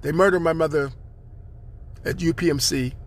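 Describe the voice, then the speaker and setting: A man's voice: fairly high pitch, normal speed. A man hosting his own podcast, delivering a rambling spiritual monologue with preachy, chanted repetitions. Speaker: podcast host.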